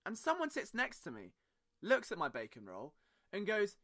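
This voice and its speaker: Young British male podcast host, jokey and rambling, bright tense tone. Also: high voice, wildly swooping pitch, normal speed. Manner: chatty, jokey, rambling asides. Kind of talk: casual sports podcast monologue.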